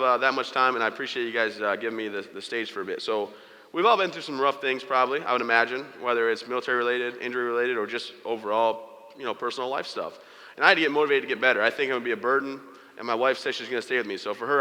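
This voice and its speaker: A man's voice: mid-range voice, sharp tone. A man giving a motivational speech, telling his story with humor and acting out the voices of the people in it. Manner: storytelling with humor, quoting others in character. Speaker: motivational speaker. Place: large hall before an audience. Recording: reverberant hall.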